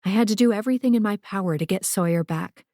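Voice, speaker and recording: A woman's voice: mid-range voice, fast, mellow, no echo. A woman narrating a first-person novel for an audiobook in a dry, wry way, on a close studio mic.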